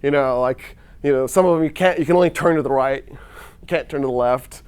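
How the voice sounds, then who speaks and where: A man telling a history story in a loose, casual lecture style, acting out countries in quick quoted dialogue with wry asides. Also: medium pitch, a little mellow, clean tone.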